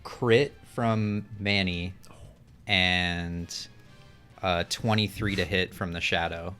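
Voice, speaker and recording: A player at a tabletop game, excitable and given to loud bursts while playing. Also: low voice, slow, faint music behind. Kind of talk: casual play at a tabletop game.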